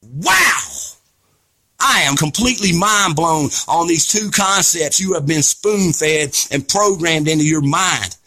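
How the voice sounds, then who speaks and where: A man's voice: on the high side, measured pace, hardly any pauses, sharp tone. A man delivering an impassioned, preachy rant to camera, fiery, scolding, blunt and profane. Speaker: vlogger.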